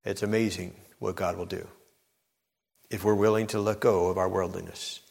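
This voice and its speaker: A man's voice: deep voice, fairly even intonation, moderate pace, gravelly. A male preacher giving a sermon, addressing the congregation directly with emphatic, building intensity. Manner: preaching with surging intensity, rising to near-shouted emphasis. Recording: long hall reverb.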